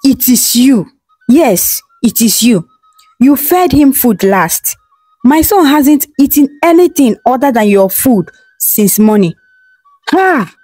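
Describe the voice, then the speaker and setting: A woman's voice: lively intonation, a little slow, mellow, dry recording, soft background music. A woman voicing a grieving, furious middle-aged queen mother who wails and accuses. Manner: accusing, shrill, wailing.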